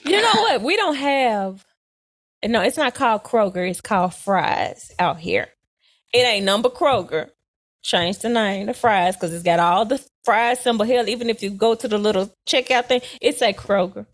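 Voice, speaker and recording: A woman's voice: medium pitch, normal speed. A middle-aged woman from Memphis, telling stories and laughing in casual podcast banter. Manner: animated storytelling, laughs often. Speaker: podcast co-host.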